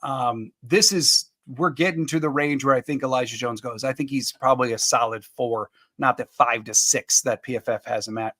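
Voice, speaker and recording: A man's voice: medium pitch, pushed and bright, dry recording, clean studio sound. Upbeat man hosting a live chat. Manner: upbeat, quick asides to viewers, chuckling. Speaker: podcast host. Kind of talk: live-stream chat reading comments.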